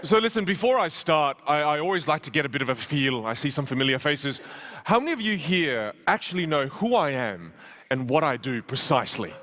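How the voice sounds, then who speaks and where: Bright, animated male keynote storyteller. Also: on the high side. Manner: animated, self-mocking, with quick restarts. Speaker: keynote speaker. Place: conference stage.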